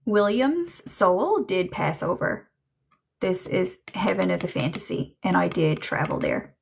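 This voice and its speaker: A woman's voice: lowish voice, very animated, measured pace, vocal fry, slight background noise. A woman giving a medium reading on a livestream, chatty and hesitant, with lots of fillers and frequent laughter.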